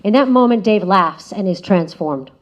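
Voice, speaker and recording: A woman giving a prepared spoken essay as a guest speaker, measured and reflective, often letting her phrases trail off softly. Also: mid-range voice, expressive. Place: lecture room. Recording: slightly dull lo-fi audio.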